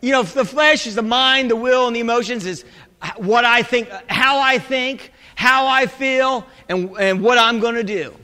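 Man, pastor, sermon, high voice, animated call-and-response, echoey hall. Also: moderate pace. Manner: animated, humorous preaching with audience call-and-response. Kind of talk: preaching a sermon.

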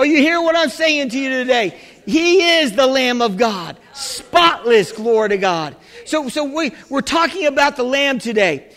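High-voiced preaching man, fervent and shouting. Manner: fervent preaching, rising into shouts, many restarts and fillers. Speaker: pastor. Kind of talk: sermon. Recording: church hall with long reverb.

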